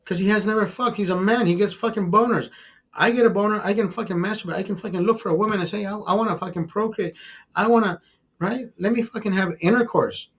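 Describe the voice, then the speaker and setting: Stream host, male, fairly high voice, swears constantly, ranting and repeating himself. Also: fast talker, a bit bright, husky. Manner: profane, emphatic, calls listeners brother; repeats and restarts words while ranting. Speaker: livestream host. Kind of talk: casual livestream rant.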